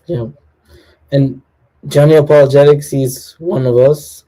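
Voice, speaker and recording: A man co-hosting a livestream, reading out viewer questions in a relaxed way. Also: on the high side, a little slow, poor audio. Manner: relaxed, reads out chat comments.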